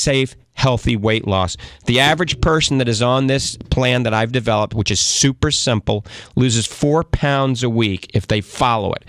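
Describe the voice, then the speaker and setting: A man with a Cajun New Orleans accent talks on a live radio call-in show in a chatty, folksy way, checking in with his listeners as he goes. His voice sits at a middling pitch. The sound is close and dry, with no room around it. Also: a bit bright, no room sound. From Louisiana. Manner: chatty, folksy, keeps saying "all right?". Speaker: radio talk show host and doctor.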